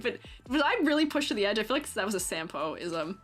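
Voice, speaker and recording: A woman's voice: medium pitch, big pitch swings, brisk, hardly any pauses, a bit bright, faint music behind. A woman who teaches character design, giving chatty live-stream commentary, reading the chat aloud and laughing often.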